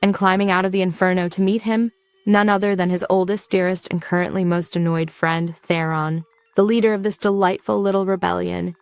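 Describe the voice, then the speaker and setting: A woman's voice: on the low side, flat delivery, a little fast, creaky, smooth, dry recording, faint music behind. A woman narrating a story recap from a script, in a campy, sarcastic and theatrical way.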